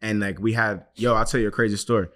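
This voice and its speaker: A man's voice: lowish voice, fast. A man, a chef guest on a podcast, chatting casually and acting out voices as he tells stories. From New York City. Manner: animated storyteller who acts out other voices.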